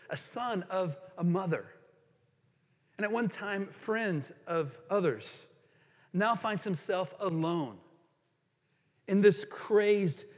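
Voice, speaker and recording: A man preaching a sermon as a pastor, reading scripture aloud and reflecting on it, slowing down for emphasis. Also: high-pitched, slightly rough. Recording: long hall reverb.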